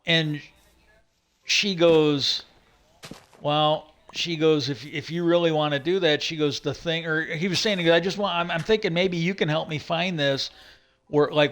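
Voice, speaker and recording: A man's voice: on the high side, a bit bright. A man hosting a livestream, talking in a loose rambling way, retelling a conversation with lots of "he goes" and restarts. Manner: retells stories with many "he goes", frequent restarts and fillers. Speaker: livestream host. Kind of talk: rambling casual monologue.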